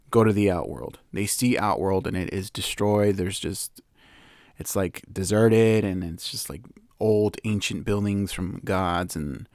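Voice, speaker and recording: A young man hosting a podcast, retelling a movie's plot in a loose, excited ramble full of fillers and little laughs. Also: deep voice, dry recording, clean studio sound. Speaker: podcast host. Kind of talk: casual movie recap.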